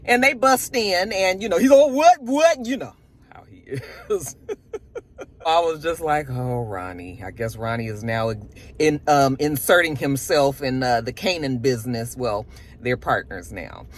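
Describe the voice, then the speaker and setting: A woman vlogger reviewing a TV episode in casual, chatty talk, animated and laughing often, recorded in a home studio. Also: rumbling low, unhurried. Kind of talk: casual chat.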